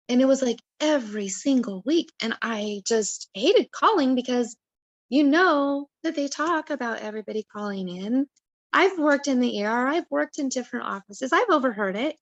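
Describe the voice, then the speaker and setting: A woman guest on a podcast, telling her personal story in an emotional, animated way and acting out her own past words. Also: high-pitched, normal speed, dry recording, muffled recording.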